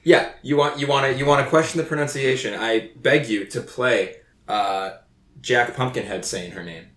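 A man's voice: mid-range voice, moderate pace, fairly bright tone. A man guesting on a podcast, chatting casually with a wry, teasing manner. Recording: roomy echo.

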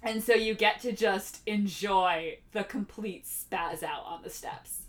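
A woman co-hosting a casual film podcast, animated, laughing often and acting out lines. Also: medium pitch, takes it slowly. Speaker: podcast co-host.

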